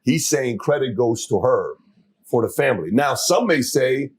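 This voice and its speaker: A man's voice: medium pitch, animated, moderate pace, slightly rough, no echo. A man hosting a podcast who works through his points casually, thinking aloud with restarts. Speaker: podcast host. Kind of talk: casual chat.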